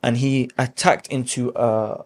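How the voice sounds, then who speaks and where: A man as a guest speaker, telling a religious story in conversation with animated emphasis and Arabic phrases. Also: medium pitch, a little slow.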